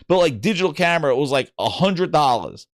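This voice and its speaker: Male gaming host, high, very animated pitch, casual profane storytelling. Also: a little fast, no room sound, clean studio sound. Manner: animated, swearing, acts out voices in anecdotes.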